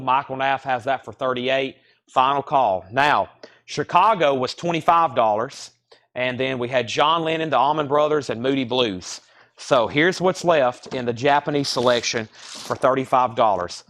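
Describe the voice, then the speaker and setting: A man hosts a live vinyl sale from inside a record store. He talks at an ordinary mid pitch in easygoing sales patter, rattling off album titles and prices as he walks the shop floor. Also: normal speed, fairly bright tone.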